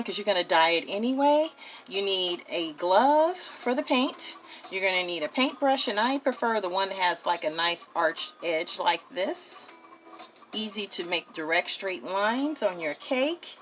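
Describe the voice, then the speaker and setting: A woman hosting her own craft channel, talking viewers through a miniature project in a chatty, excitable way. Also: mid-range voice, a little slow, faint music behind. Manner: chatty and excitable, addresses viewers as "you guys". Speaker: craft vlogger. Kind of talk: casual crafting tutorial.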